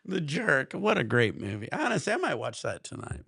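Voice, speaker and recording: Loud, cussing man on a livestream. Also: on the high side, creaky, breathy edge. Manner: profane, laughing, ranting. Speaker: livestream host. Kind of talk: casual livestream chat.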